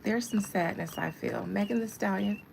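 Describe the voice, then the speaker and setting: A woman's voice: medium pitch, moderate pace, gravelly, a little mellow, a little hiss or hum, rough recording. A woman in her thirties reading tarot on a casual livestream, chatting with viewers and laughing often. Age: 30s. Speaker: tarot reader.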